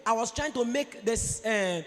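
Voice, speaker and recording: Animated Nigerian man in echoey hall. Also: very high voice, a little slow. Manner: animated, preachy, acts out quoted voices. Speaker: conference speaker. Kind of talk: motivational speech.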